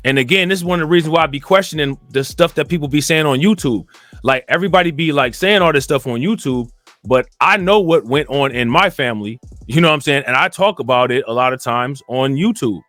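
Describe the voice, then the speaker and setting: A man's voice: brisk, dry recording, soft background music. Rambling man with a raised voice. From Cleveland, Ohio. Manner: rambling, repeats filler phrases, grows animated and higher when indignant. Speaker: commentary channel host. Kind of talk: casual commentary monologue.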